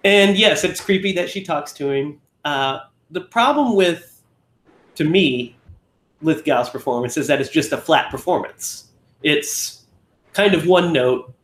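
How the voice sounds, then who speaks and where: A man talks films in a loose, rambling way, stopping to fix his phrasing and slipping into quick impressions. His voice sits a little high. The room around him rings with echo. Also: a bit bright. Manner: rambling, self-correcting, often acts out lines. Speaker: podcast co-host. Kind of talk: casual film discussion.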